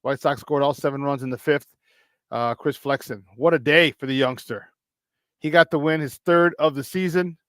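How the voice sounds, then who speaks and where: A man from hosting a casual morning sports talk show, rambling and excitable, breaking into laughs. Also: mid-range voice, moderate pace, no room sound, studio quality.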